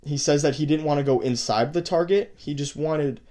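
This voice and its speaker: A man's voice: fairly high pitch, moderate pace, dark tone. A man hosting a video, angrily commenting on chat messages he reads out, swearing and sounding disgusted. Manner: profane, disgusted, heated. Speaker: host. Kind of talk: angry commentary reading chat logs.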